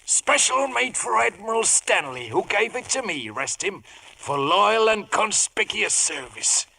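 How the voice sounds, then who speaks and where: An actor playing a hearty, scheming one-legged pirate cook with a gravelly seafaring brogue in a 1950s radio drama. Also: male voice, high voice, sing-song, a little slow, pushed and bright, a little hiss or hum, exaggerated voice. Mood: wheedling.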